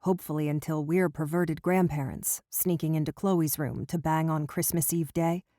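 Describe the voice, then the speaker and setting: A woman's voice: low-pitched, fairly even intonation, moderate pace, dark tone, dry recording, clean studio sound. Woman reading a teasing young boyfriend. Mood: tender. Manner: playful, amused.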